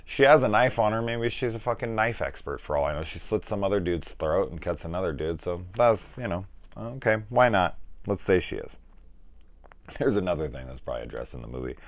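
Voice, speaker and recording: A man in his forties reviews a film in a loose, rambling way, swearing freely and acting out scenes as he retells them. His voice sits very low. The sound is close and dry, with no room around it. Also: no echo. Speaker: film review channel host. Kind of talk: casual spoken film review.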